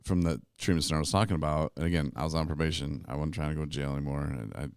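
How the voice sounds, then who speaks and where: A man with a very low voice hosts a casual podcast chat, telling animated stories and laughing along the way. The sound is dry and close, with no room around him. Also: very fast, clear, resonant tone, no room sound. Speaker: podcast host. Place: recovery retreat.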